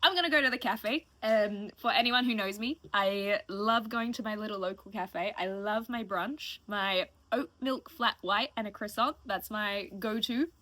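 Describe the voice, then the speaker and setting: This late-twenties live streamer speaks to her viewers in a mid-range, pushed, bright voice at normal speed with hardly any pauses. She rambles emotionally and gratefully in a casual, heartfelt chat, and the recording has no room sound.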